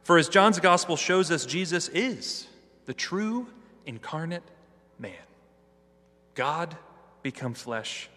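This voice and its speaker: Man, preacher, scripture reading and sermon, earnest, measured, bright tone, long reverb of a church hall. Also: on the high side, animated.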